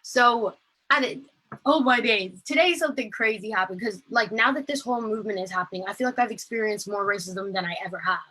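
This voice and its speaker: A woman's voice: medium pitch, fairly quick, bright, forceful tone, rough recording. A woman, giving earnest, impassioned personal testimony over a video call. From Ireland. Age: late teens. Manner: earnest, impassioned, filler-heavy storytelling. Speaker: protest speaker.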